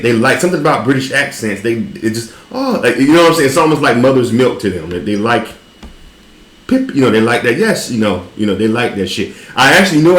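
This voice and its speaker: A man chats casually and tells stories, swearing freely and laughing as he goes. His pitch moves all over the place. The room around him is roomy and echoey. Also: a bit bright. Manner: laid-back, profane, laughs while telling stories. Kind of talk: casual chat, storytelling.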